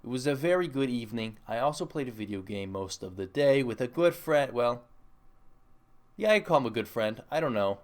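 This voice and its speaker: A man's voice: medium pitch, animated, a little fast. Rambling self-mocking man podcasting. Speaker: podcast host. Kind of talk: casual solo podcast chat.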